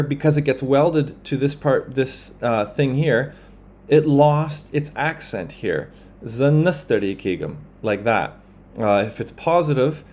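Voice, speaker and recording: A man teaching a grammar lesson over slides, explaining in a relaxed way with fillers and quick self-corrections, and saying example phrases in another language. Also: mid-range voice.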